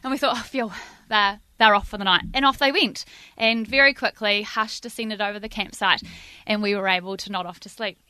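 A middle-aged woman, telling a lively, self-mocking camp story to a live audience. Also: mid-range voice, a little fast, clear, resonant tone, no echo. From New Zealand.

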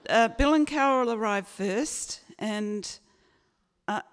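A woman's voice: a little high, slow pace, clear, resonant tone. A woman in her sixties from Australia telling a personal story in a chatty, self-mocking way, full of fillers. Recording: long hall reverb.

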